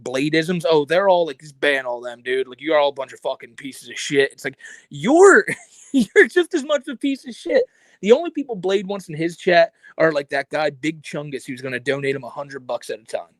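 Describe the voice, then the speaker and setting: A man rants on a casual podcast, cursing freely and mimicking people he mocks. His voice sits a little high. The sound is dry and close. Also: moderate pace, no echo. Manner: ranting, profane, mocking impressions. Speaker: podcast co-host. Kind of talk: casual chat.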